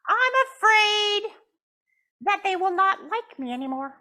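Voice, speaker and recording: A sulky young girl puppet with a squeaky, strained voice, put on by a woman. She drags her words out in a pouty, insistent whine, far higher than an everyday voice. The tone is bright and sharp, and every line sounds indignant. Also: expressive, a little slow, heavily acted.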